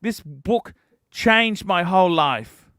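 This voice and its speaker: A man's voice: sits high, lively intonation, slow pace, a bit bright, no room sound. A man hosting a livestream, telling a heated, profane story in a ranting chat. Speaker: livestream host.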